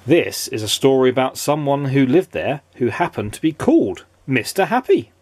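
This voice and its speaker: A man's voice: medium pitch, sing-song, moderate pace, a little mellow, slight background noise. A father reading a children's story aloud in a playful, sing-song way.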